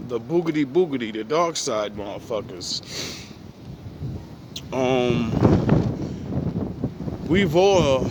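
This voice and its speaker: A young man telling a meandering story in a casual monologue, laughing often and swearing freely as he drifts off topic. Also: mid-range voice. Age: young adult. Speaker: vlogger. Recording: noisy street background.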